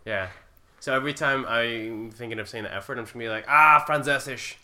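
A man's voice: medium pitch, fast talker, pushed and bright, a little hiss or hum. A young man co-hosting a podcast, rambling in casual chat with lots of fillers and laughs. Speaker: podcast co-host.

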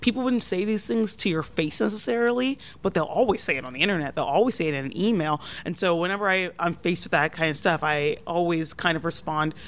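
Woman food writer, quick casual talk, lotta "like"s, crisp clear voice. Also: lowish voice. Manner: animated, lots of "like" fillers. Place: restaurant back dining room.

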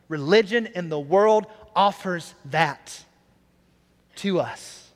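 A man preaching, retelling a story with earnest, drawn-out emphasis and soft drops. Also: sits high, big-room sound. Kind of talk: sermon storytelling.

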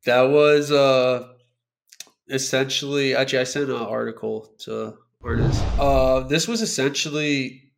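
A man's voice: mid-range voice, fairly even intonation, measured pace, gravelly, background noise. Rambling man in casual chat. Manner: rambling, laughing.

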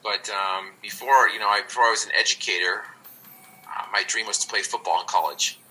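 A man's voice: lowish voice, fairly even intonation, a little fast, bright, forceful tone, rough recording. A man, the podcast guest, telling his story in an earnest, reflective way. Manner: earnest, reflective, with many restarts. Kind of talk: conversational storytelling.

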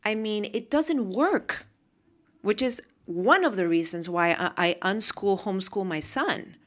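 A woman's voice: fairly low pitch, a bit bright. A woman hosting a motivational podcast, talking casually and emphatically and repeating phrases for emphasis. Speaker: podcast host.

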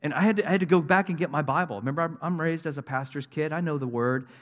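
A man's voice: a little high, fast talker, a bit bright. A man in his fifties telling his conversion story as a sermon, earnest and building to emphatic declarations. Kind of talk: testimony sermon. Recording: long reverb of a large hall.

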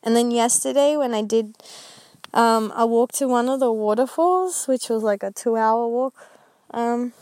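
A woman's voice: on the high side, unhurried, darkish tone, no echo. Earnest woman sharing a faith reflection. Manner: earnest, rambling, filler-heavy. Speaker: Christian vlogger.

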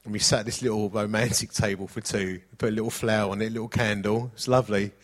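A man's voice: on the low side, fairly even intonation, fast talker. A middle-aged man preaching a sermon, mixing jokey anecdotes with scripture reading.

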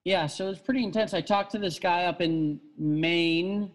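Man with a high voice, casual storyteller who rambles and restarts often. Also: normal speed, rough recording. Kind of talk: casual chat.

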